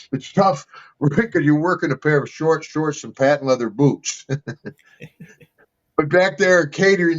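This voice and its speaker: An older man, an interview guest, telling casual rambling stories and laughing often between them. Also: fairly high pitch. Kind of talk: casual storytelling. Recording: slightly dull lo-fi sound.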